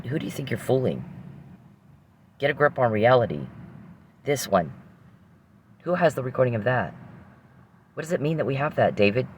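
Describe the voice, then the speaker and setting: A man's voice: medium pitch, a little hiss or hum. A man in a confrontational rant, angrily accusing someone he addresses directly, swearing and firing rhetorical questions.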